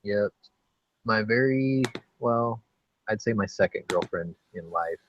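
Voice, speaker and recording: A man's voice: on the low side, slow, a little hiss or hum. A man hosting a casual online hangout, telling long rambling stories, swearing and laughing a lot over a video call. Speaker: host of a gun channel hangout. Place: home, live video hangout. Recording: dull lo-fi dry sound.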